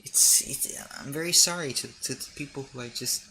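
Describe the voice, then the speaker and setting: Bright-voiced joking male streamer. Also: medium pitch, normal speed, slight background noise. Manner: joking, stumbling reads, breaks off to laugh and chat. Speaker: VTuber streamer. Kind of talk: reading articles aloud on stream.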